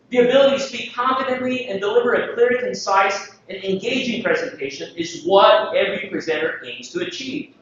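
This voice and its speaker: A man from the Philippines giving a lively conference presentation, joking and asking the audience questions. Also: high voice, slight background noise. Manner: jokey, asks the audience questions. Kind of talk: live presentation talk. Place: conference hall. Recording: distant mic, echoey hall, dull sound.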